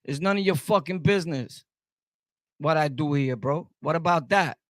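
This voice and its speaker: A little high in pitch, this man talks at a moderate pace in a dry, studio-quality recording. He's a streamer host from Brooklyn, New York, with a Brooklyn accent, and he rants combatively at his chat in a heated live stream, circling back to the same points over and over.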